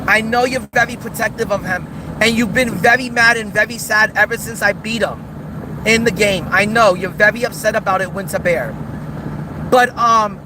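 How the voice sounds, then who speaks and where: High-voiced guy on a livestream going off, mocking and repetitive, cars loud in the back. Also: moderate pace, noisy background. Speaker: streamer host. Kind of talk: livestream rant.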